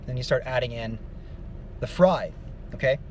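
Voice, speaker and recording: A man explains singing technique in a loose, rambling way, his voice sitting at an ordinary middle pitch. Faint noise hums behind him as he talks through his lesson. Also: normal speed. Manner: relaxed, rambling explanation with many fillers. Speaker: vocal coach. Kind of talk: casual singing lesson with demonstrations.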